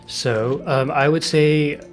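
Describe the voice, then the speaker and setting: Slow-talking man breaking down a game. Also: fairly high pitch, fairly even intonation, faint music behind. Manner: enthusiastic, exclaims over game details. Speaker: gaming video host. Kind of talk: casual game guide commentary.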